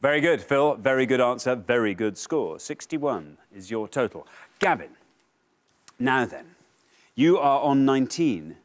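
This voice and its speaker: A man's voice: mid-range voice, measured pace. Man hosting a quiz show. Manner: upbeat, teasing, bursts of excitement on reveals. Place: television studio.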